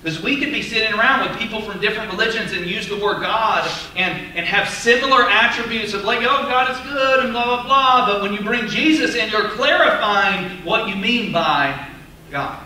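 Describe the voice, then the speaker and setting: A male pastor preaching an emphatic, animated sermon with casual asides. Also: high voice, normal speed, recorded from a distance. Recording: echoey hall, voice off-mic, faint noise.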